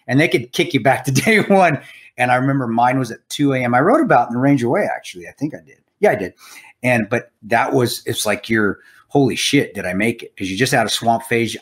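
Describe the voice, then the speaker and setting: Rambling, profane low-voiced man. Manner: rambling, profane, restarts a lot. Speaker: podcast co-host. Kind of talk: casual chat.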